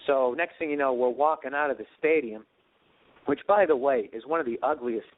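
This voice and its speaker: A man's voice: medium pitch, a little fast, phone-quality sound. A man in his late thirties hosting a podcast, telling a rambling, profane, self-deprecating story. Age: 30s. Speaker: podcast host.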